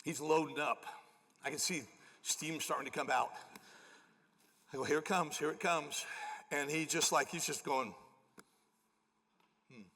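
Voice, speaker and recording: Gravelly pastor in a reverberant church hall. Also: male voice, fairly high pitch, moderate pace, pauses often. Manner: acts out quoted people with lively shifts. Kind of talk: sermon storytelling. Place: church auditorium. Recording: large hall with long reverb.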